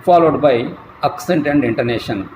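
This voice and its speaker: A man giving a slow, deliberate classroom lecture as a college lecturer, spelling words out letter by letter. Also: mid-range voice, darkish tone. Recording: echoey room, faint traffic noise.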